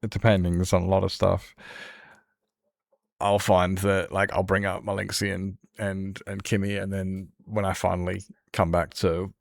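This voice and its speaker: Low gravelly man rambling. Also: flat delivery, unhurried, no room sound, clean studio sound. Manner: rambling, laughs often, self-mocking. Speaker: streamer. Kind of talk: casual gaming stream chat.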